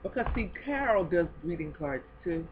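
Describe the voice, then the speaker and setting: Woman, home faith vlogger, animated delivery ranging hushed to excited, muffled home-video sound. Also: fairly low pitch, normal speed, a little hiss or hum. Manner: expressive, swinging from hushed to excited; talks of God and blessings. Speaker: video blogger. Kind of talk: faith video blog, casual talk.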